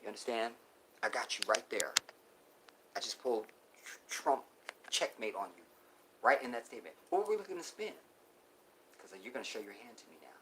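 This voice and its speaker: A man hosting a live stream, preaching to his viewers and calling them y'all, swinging from loud outbursts to near whispers. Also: fairly low pitch, fairly quick, pauses often, noisy background. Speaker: livestream host.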